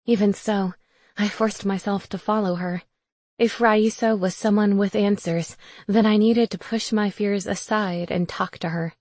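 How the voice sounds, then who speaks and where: A woman reading a first-person cozy mystery aloud in an even, wry tone. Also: mid-range voice, measured pace, no echo, studio quality. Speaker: audiobook narrator. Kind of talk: first-person audiobook narration.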